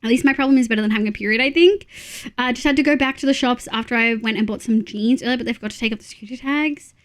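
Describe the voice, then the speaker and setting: Brief: Australian woman, streamer, chatty and sweary, voice a touch high. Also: very fast. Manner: chatty, swears freely, giggly. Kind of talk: casual live-stream chat.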